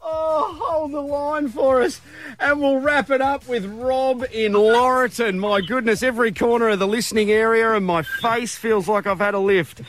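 A man with an Australian accent hosting a breakfast radio show, jovial and laughing loudly at callers' jokes. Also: extremely high pitch, moderate pace, hardly any pauses.

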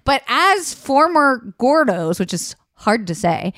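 A woman co-hosts a relaxed podcast chat, cracking jokes and swearing without a second thought. Her pitch swings widely and sits a little high. The sound is dry and close. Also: slow pace, dry recording. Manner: joking, swears freely. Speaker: podcast co-host. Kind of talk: casual chat.

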